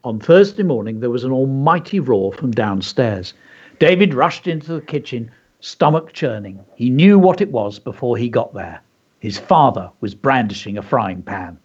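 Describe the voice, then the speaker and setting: A teacher who hosts a children's radio show reads his story aloud for a lesson, adding enthusiastic, chatty asides. His husky, slightly mellow voice is medium-pitched with lively intonation at normal speed, heard through dull, lo-fi radio audio.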